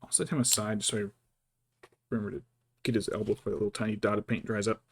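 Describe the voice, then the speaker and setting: A man's voice: on the low side, fairly even intonation, fast talker, breathy edge. A man chatting casually as he paints miniatures, thinking aloud and muttering to himself. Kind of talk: casual chat while working.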